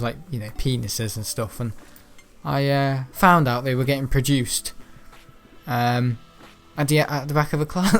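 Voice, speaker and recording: A young man who is ill, chatting in a rambling way with many ums during gameplay commentary. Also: medium pitch. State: ill, unwell. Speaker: gaming channel host.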